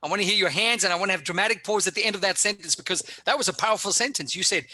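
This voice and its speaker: A man coaching public speaking in an online workshop, talking in an energetic, emphatic and directive way over a video call. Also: sits high, racing, hardly any pauses, no echo.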